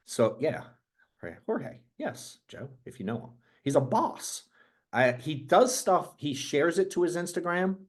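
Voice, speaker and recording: Energetic, profane male business coach. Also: mid-range voice. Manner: energetic, profane, rambling storyteller. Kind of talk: casual motivational talk to a group.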